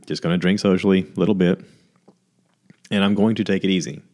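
A man's voice: low-pitched, fairly even intonation, a little fast, a little mellow. A man hosting his own podcast, talking candidly and a little rambling in a self-deprecating, casual way. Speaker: podcast host. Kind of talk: casual solo podcast monologue.

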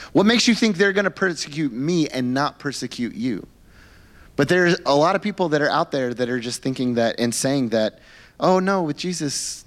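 A male pastor preaching a sermon in an animated, conversational storytelling manner, with frequent fillers and repeated words. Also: mid-range voice. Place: church.

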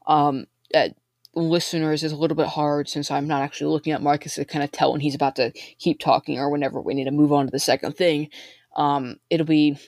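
A woman's voice: deep voice, little pitch movement, brisk, darkish tone, dry recording, studio quality. A woman co-hosting a podcast, chatting casually and reading listener emails, hesitant and full of ums. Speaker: podcast co-host.

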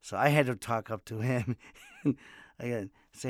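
A man's voice: medium pitch, moderate pace, long pauses, dry recording, studio quality. A man in his fifties, a comedian and podcast host, telling casual stories in a rambling way and laughing often. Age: 50s. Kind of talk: casual monologue. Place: home in Los Angeles.

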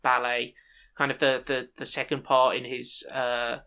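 A man's voice: medium pitch, monotone, unhurried, creaky, bright, forceful tone, smooth. A man hosting a casual film podcast, running through a list of titles in short bursts. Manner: listing titles in short bursts, laughs often. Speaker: podcast host listing films.

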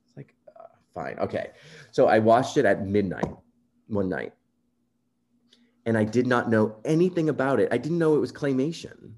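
A man being interviewed, telling a personal story in an earnest, animated way and acting out quoted remarks. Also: medium pitch, normal speed, long pauses. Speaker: composer guest.

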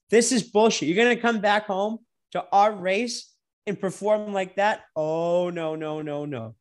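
A young man co-hosting a casual racing podcast, animated and profane, sometimes breaking into loud drawn-out shouts. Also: high-pitched. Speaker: podcast co-host. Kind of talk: casual sports chat.

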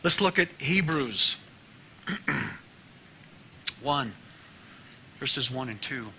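Bright-voiced earnest man teaching devotion. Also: mid-range voice, expressive, very slow, creaky, long pauses, slightly rough. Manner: earnest, swings from loud to hushed prayer. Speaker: class teacher giving a devotional.

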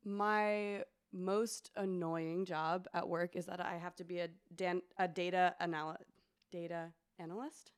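A woman's voice: measured pace, clean tone. A woman, a special education teacher co-hosting a podcast, telling classroom stories casually and acting out a child's lines. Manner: relaxed storyteller, acts out a child's lines in a high voice. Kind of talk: casual storytelling chat.

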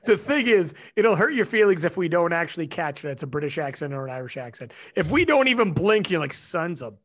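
A man hosting a casual podcast, animated and joking, swearing freely. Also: fairly high pitch, fast talker, no echo. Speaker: podcast host.

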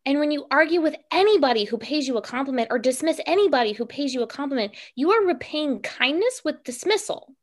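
A woman's voice: sits high, animated, quick pace, few pauses. Emphatic young woman giving advice. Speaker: podcast co-host. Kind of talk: casual chat.

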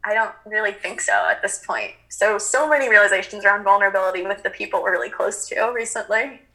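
A woman's voice: medium pitch, quick pace, bright, forceful tone, poor audio. A woman speaking earnestly and reflectively in a casual spiritual chat, with frequent fillers.

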